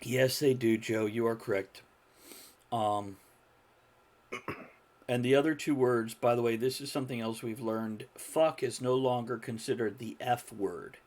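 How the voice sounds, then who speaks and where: A man hosting a casual podcast chat, talking in an animated way, laughing often and swearing freely. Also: medium pitch, measured pace. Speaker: podcast host.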